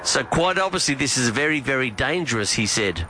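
A man's voice: medium pitch, expressive, fairly quick, noisy background. A man hosting a mock news segment, reading formally and then restating it in plain words. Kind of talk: news-style reading for learners.

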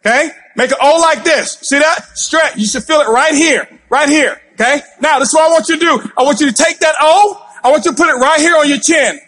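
A man giving a fired-up motivational speech from a stage, intense and passionate, yelling at the crowd. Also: very high-pitched, a little fast, few pauses. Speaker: motivational speaker. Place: stage before a live audience.

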